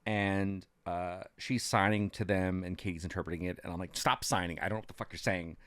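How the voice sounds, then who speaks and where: A man co-hosting a podcast, retelling events casually with an animated storytelling manner and frequent ums. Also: deep voice, brisk, no echo. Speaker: podcast co-host recapping as a cast member. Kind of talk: casual chat.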